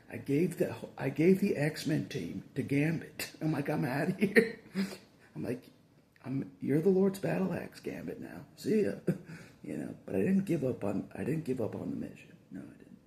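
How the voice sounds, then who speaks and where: Man, casual rambling vlog monologue, dark gravelly voice, lively pitch, chuckles between lines, echoey room. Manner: chuckles between phrases, repeats himself.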